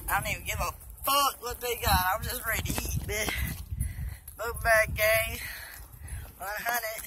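Tipsy, profane woman, bright slow voice. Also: fairly high pitch, a little hiss or hum. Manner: loud, profane, laughing often. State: tipsy from drinking. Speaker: vlogger. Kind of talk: casual self-filmed vlog. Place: outdoors walking along a road.

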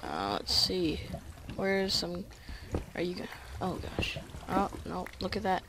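Let's play gamer, casual commentary, excitable, unhurried, faint background noise. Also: mid-range voice. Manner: chatty, excitable, talks through each move.

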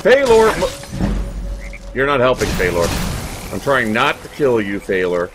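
A man's voice: on the low side, lively intonation, slow pace, noisy background. A man hosting a let's play, giving casual gameplay commentary, chatty and swearing freely as he talks to his in-game companions. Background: video game music.

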